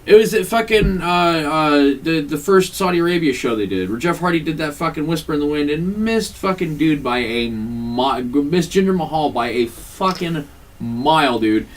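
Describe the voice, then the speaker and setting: A man co-hosting a casual chat podcast, swearing freely and breaking into quick impressions as he tells stories. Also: on the high side. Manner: profane, animated, mimics voices mid-story. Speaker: podcast co-host. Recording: distant mic, faint room noise.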